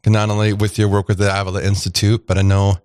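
A man's voice: on the low side, flat delivery, fast, a little mellow. A man hosting a casual radio talk show, chatty and rambling with plenty of fillers and restarts.

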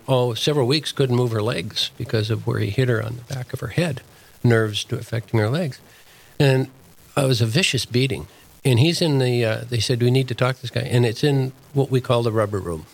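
A man's voice: mid-range voice, vocal fry, low-quality recording. An older man, a deacon and prison chaplain, telling a story in plain, earnest words as an interview guest.

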